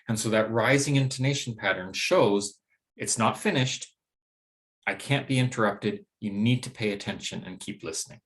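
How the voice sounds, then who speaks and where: A man's voice: lowish voice, normal speed. A man giving a recorded pronunciation lesson, explaining steadily with frequent hedges like "sort of" and "maybe.". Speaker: English pronunciation teacher. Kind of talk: recorded lecture with slides.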